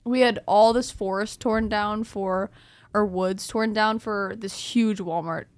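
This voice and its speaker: A young woman co-hosting a casual podcast, telling a spooky story in an animated way and swearing freely. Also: medium pitch, measured pace, clear, resonant tone, dry recording. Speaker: podcast co-host.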